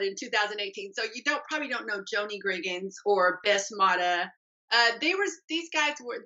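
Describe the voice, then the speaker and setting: Lady in her 60s telling stories, bright higher voice, muffled lo-fi audio. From Texas. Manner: animated storyteller, acts out quoted voices. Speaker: guest, personal trainer. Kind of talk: storytelling in an interview. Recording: dull lo-fi remote audio.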